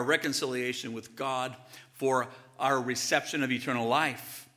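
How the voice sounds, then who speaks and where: A man's voice: mid-range voice, fairly even intonation, moderate pace, sharp tone. A man preaching a sermon, who sometimes drops to a whisper and chuckles between points. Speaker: pastor.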